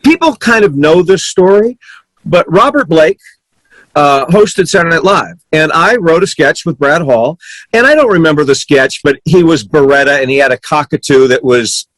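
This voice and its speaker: Dry, higher-voiced joking man. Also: lively intonation, normal speed, fairly bright tone, dry recording, low-quality recording. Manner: self-deprecating, joking. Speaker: podcast co-host. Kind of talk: casual chat.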